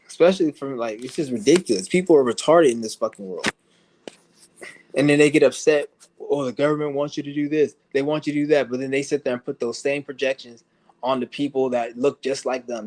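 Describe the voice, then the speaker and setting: A man's voice: mid-range voice, a little mellow. A man ranting to his stream audience in a blunt, profane way, laughing often as he talks. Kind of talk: casual rant to camera. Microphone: streaming setup.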